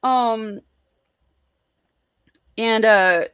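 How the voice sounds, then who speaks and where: A woman guest in casual chat on a podcast, giggly and quick to laugh, speaking over a remote call. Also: a little high, a bit bright, clear, resonant tone, dry recording.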